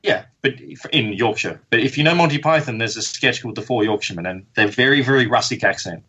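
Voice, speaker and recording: A middle-aged man with an educated Australian accent talks as a guest on a casual podcast. His voice is bright with a touch of husk, and he jokes about himself with easy, dry humor. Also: mid-range voice, quick pace, slightly rough, muffled recording. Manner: chatty, wry, self-deprecating.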